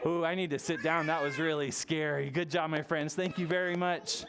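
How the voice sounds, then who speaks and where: A library storytime leader reading a picture book aloud to toddlers, playful and animated, with gasps and silly sounds. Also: medium pitch, moderate pace, background noise. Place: public library storytime session.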